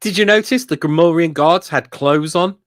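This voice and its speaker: A man's voice: fairly high pitch, normal speed, fairly bright tone, no room sound, clean studio sound. Enthusiastic man, rambling fan chat. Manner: enthusiastic, rambling with fillers and laughs. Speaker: podcast co-host. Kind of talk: casual fan review chat.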